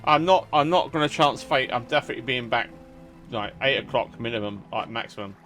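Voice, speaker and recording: Man with a cold, chatty gaming commentator, mid-pitched, faint music behind. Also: brisk, fairly bright tone. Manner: rambling, chatty, self-restarting. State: has a cold. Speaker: gaming YouTuber. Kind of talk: casual let's-play commentary.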